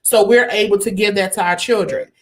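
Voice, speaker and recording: A woman's voice: medium pitch, steady tone, fairly quick. A woman hosting a casual talk. She laughs often and leads the conversation, handing it on to her guest. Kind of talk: casual chat.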